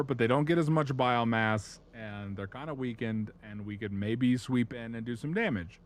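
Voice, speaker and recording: A man's voice: medium pitch, moderate pace, hardly any pauses. Profane, rambling man streaming. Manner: profane, rambling, animated storytelling. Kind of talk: casual live-stream chat.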